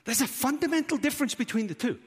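Welsh man, pastor, preaching, high pitch, rhetorical questions, long hall reverb. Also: animated, quick pace, husky. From Wales. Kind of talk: sermon.

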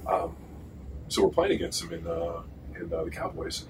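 A man's voice: deep voice, big pitch swings, moderate pace. A man in his forties, a former pro football player, telling rambling, profane stories in casual chat. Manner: profane, rambling, full of fillers. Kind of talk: casual storytelling. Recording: distant mic with clear background noise.

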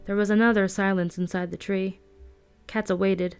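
A woman reading a novel aloud in a calm, even storytelling manner. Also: mid-range voice, normal speed, soft background music. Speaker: audiobook reader.

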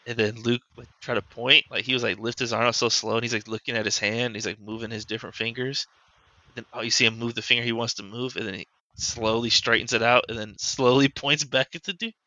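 A man's voice: mid-range voice, fairly even intonation, fast talker, pushed and bright, no echo, highs cut off. A man hosting a podcast, telling a personal story as a father in a loose, rambling way that is full of "like". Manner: loose and rambling, heavy use of "like". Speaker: podcast host. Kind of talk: casual storytelling chat.

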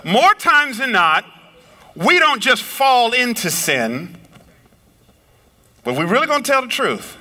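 A middle-aged man preaching a sermon, swinging his pitch up and down and slowing or raising his voice for emphasis. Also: sing-song, pushed and bright. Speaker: pastor. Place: lives in a big city apartment.

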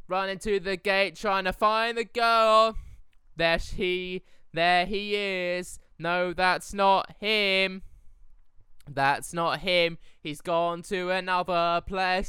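Man, excitable movie reaction, high voice, slow unhurried delivery. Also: smooth, dry recording. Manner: excitable, talks back to the screen, hums along. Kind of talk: casual movie reaction commentary.

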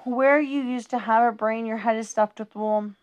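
A woman's voice: a little high, steady tone, moderate pace, clear, resonant tone, muffled recording. A woman reading humorous rhyming children's poems aloud in a playful, sing-song rhythm.

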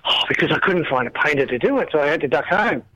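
A middle-aged man calling in by phone, joking in a laid-back, deadpan way. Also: on the high side, quick pace, low-quality recording. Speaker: caller, guest's father.

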